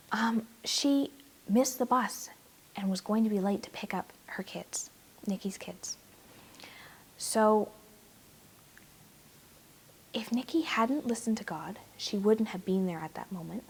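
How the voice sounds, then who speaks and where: A young adult woman, a guest preacher, giving a sermon and telling a story with animated, acted-out quotes. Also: medium pitch. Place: church.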